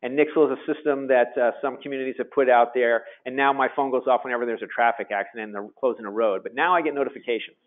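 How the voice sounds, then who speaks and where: A middle-aged man, an emergency physician, telling a personal story to an audience in a halting way with many fillers. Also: medium pitch, steady tone. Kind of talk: presentation talk. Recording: phone-like narrow sound.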